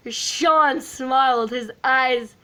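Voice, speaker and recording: A woman's voice: high-pitched, very slow, bright, forceful tone, smooth. A woman casually reading a fan story aloud, often stumbling over words and adding chatty asides. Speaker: fan fiction reader.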